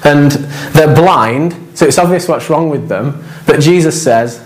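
A man's voice: on the high side, measured pace, a little hiss or hum. A man preaching a sermon as pastor, in a conversational, anecdotal way with quoted asides.

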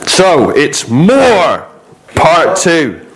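A man's voice: fairly high pitch, wildly swooping pitch, very slow, creaky, a little hiss or hum. A man, a guest preacher giving an informal sermon with chatty jokes and frequent fillers in a church hall.

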